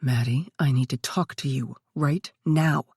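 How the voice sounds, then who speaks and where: A woman's voice: rumbling low, a little slow, darkish tone, husky, dry recording, studio quality, voice pushed down, full character voice. A woman voicing a firm, urgent female friend.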